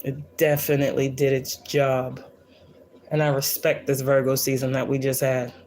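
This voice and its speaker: A woman's voice: very deep voice, level tone, moderate pace, darkish tone, a little hiss or hum. A woman hosting a casual spiritual livestream, talking in a blunt, profane, preachy and defiant way, often repeating lines for emphasis. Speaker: spiritual reader and livestream host.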